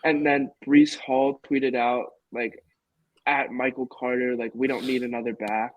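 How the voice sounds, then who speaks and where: A man's voice: mid-range voice, unhurried, rough recording. A man co-hosting a podcast, chatting casually about sports and jumping in with hot takes. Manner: excitable, jumps in with hot takes. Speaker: podcast co-host.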